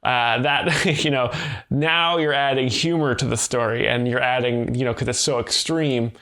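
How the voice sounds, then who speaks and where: A man in a dry, deadpan tone, explaining comedy jokes in an over-literal way as a parody expert. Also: mid-range voice, normal speed. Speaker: mock joke explainer.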